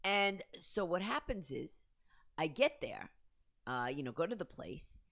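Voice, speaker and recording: A fast-talking woman in her fifties tells a story to her viewers in a low voice. Her pitch swings widely from line to line. The recording is slightly muffled and lo-fi. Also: very animated, gravelly, a bit bright. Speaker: host. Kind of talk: storytelling vlog.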